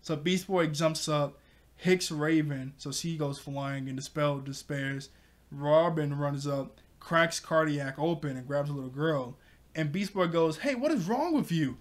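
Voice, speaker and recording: Young man, slightly high voice, casual episode recap, rambling, filler words. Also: fairly even intonation, measured pace. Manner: rambling, filler-heavy, laughs often. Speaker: show reviewer.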